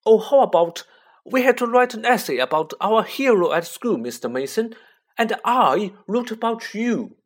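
Guy putting on a high smug spoiled kid voice, sugary and showing off. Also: sing-song, normal speed. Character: spoiled, pompous chubby boy.

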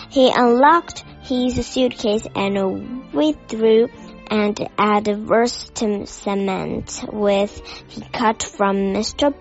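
A woman reads a children's story aloud, taking it slowly and deliberately, in a somewhat high voice. The recording sounds dull, with faint music in the background. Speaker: story reader. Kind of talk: reading a children's novel aloud.

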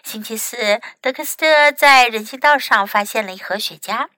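A woman English teacher reading a picture book aloud in two languages, slow and expressive. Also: fairly high pitch, dry recording.

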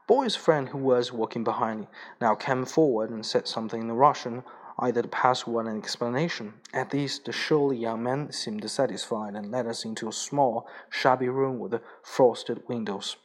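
A man reads a story aloud at a middling pitch. His narration is plain and steady. Now and then he stumbles and restarts a word. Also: moderate pace. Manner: plain reading with small slips and restarts. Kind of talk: audiobook reading.

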